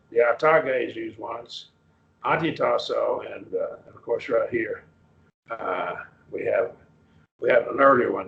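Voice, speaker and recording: Man teaching a Bible class, gravelly. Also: medium pitch. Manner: explains slowly, quizzing students, many restarts. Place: church classroom. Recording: roomy, muffled class recording.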